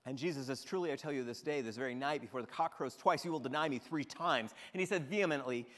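A man, a pastor, preaching a sermon and retelling scripture with expressive storytelling. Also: medium pitch, fast, few pauses, long reverb tail. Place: church sanctuary.

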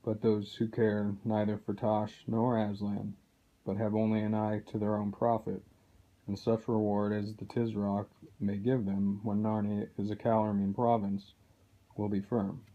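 A man's voice: fairly low pitch, flat delivery, measured pace. A man reading aloud as a sly male cat with a silky, scheming manner. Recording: dull lo-fi recording.

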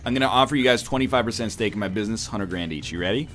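A man co-hosting a game stream, joking and riffing quickly in casual banter. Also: lowish voice, loud music behind the voice. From Cheyenne. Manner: quick, joking, jumps between bits. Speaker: stream co-host.

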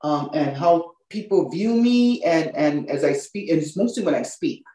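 A woman's voice: low-pitched, moderate pace. A woman from Hawaii with a Hawaiian Pidgin accent, talking casually as a guest in an interview. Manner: relaxed, repeats "you know what I mean". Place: now living in Texas. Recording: roomy, distant from the mic.

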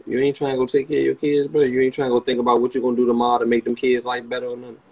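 Young man, DC-area accent, husky livestream host, brash roaster. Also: medium pitch, monotone, racing, darkish tone, poor audio. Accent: Washington DC area. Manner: brash, profane, mocking. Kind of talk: casual livestream chat, roasting a guest.

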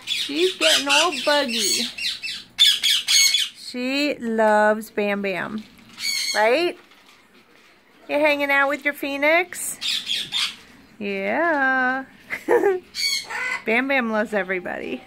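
A woman's voice: sits high, expressive, extremely slow, gravelly, pauses often. A woman talking casually to viewers in a vlog while chatting in baby talk to her pet birds. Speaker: pet bird owner and vlogger. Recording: loud bird squawks and noise behind.

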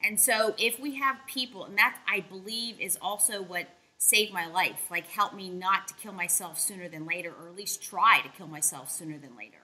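Woman talk-show host, bright, emphatic, encouraging. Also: medium pitch, moderate pace, few pauses, husky, poor audio. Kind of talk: casual interview talk.

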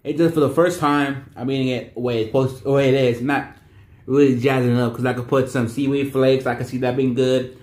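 A man's voice: medium pitch, fairly even intonation, brisk, darkish tone, roomy sound. Rambling man, casual food vlog. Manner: rambling, repeats himself with many restarts and fillers. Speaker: vlogger.

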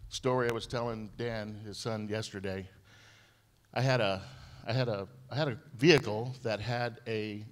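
Man, lowish voice, eulogy, storytelling, repeats himself, long church reverb. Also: fairly even intonation. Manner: storytelling, repeats phrases, halting restarts. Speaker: eulogy speaker. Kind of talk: memorial eulogy. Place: church at a memorial service.

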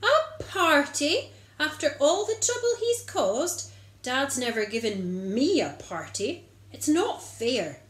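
A woman voicing a grumpy older brother in a children's Bible story, high and indignant. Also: sing-song, slow pace, echoey room, full character voice. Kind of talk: storybook reading.

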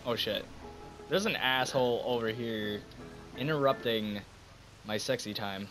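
A man playing a video game with friends, loud and swearing, yelling and laughing in disbelief at the chaos. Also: medium pitch, measured pace, faint music behind, low-quality recording. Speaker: gamer. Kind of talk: chaotic gaming commentary with friends.

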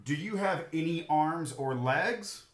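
A man's voice: fairly high pitch, lively intonation, slow pace, roomy sound, voice pushed up. A man reading a storybook, voicing the dismissive animals who turn the duck away. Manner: dismissive, bored. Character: haughty male club-gatekeeper animals.

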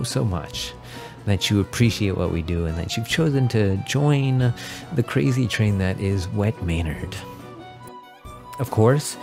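Tired man host, low voice, slow reading, music under him. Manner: slow, reading from a screen, emotional.

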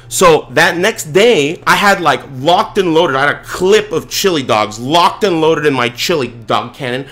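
Animated man telling a story on stream. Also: a little high, normal speed, few pauses. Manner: animated, profane, rambling.

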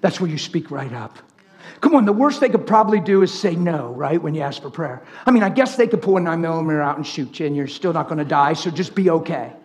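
A man preaching a sermon full of stories, animated, swinging from loud laughter to near whispers. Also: a little high, fast, in a large hall. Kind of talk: sermon with storytelling.

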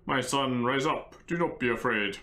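A man voicing a stern male god who pronounces judgment slowly and solemnly. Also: medium pitch, bright, forceful tone, lightly acted.

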